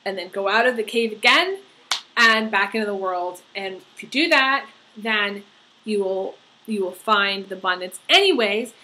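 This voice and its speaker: A woman's voice: mid-range voice, expressive, pushed and bright, a little hiss or hum, poor audio. Earnest woman giving a tarot reading. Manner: earnest, halting, many fillers and restarts. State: getting emotional. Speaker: tarot reader.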